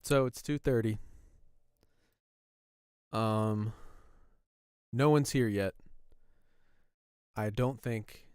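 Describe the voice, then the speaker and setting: A man's voice: fairly low pitch, fairly even intonation, drawn-out words, long pauses, darkish tone, clean tone, dry recording, clean studio sound. A man hosting a casual live stream, chatting with viewers in a rambling, easygoing way. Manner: chatty, rambling, talks to viewers while browsing. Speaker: livestream host.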